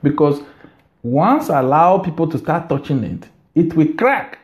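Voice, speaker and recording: A man's voice: a little high, sing-song, a little slow, a little mellow. A middle-aged man with a Nigerian accent, talking to his viewers at home in a rambling, emphatic way, often repeating his words. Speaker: vlogger. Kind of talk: casual monologue to camera. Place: his house.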